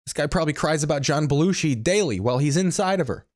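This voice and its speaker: A man's voice: a little high, lively intonation, fast talker, darkish tone, dry recording, clean studio sound. A man hosting a comedy podcast, riffing sarcastically with a lot of swearing. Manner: profane, sarcastic. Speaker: podcast host.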